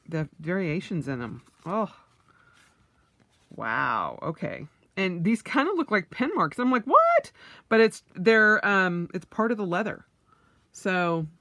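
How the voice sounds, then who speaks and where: A woman's voice: fairly low pitch, fairly bright tone, no echo. A woman vlogger, middle-aged, unboxing purchases in a casual vlog, gushing with oohs and yays.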